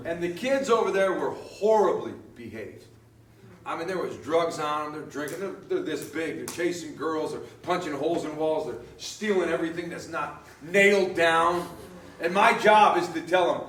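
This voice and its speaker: A man preaching a sermon in a relaxed, storytelling way, laughing often and restarting his sentences. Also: on the high side, fairly quick, echoey room, distant mic, a little hiss or hum. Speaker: pastor.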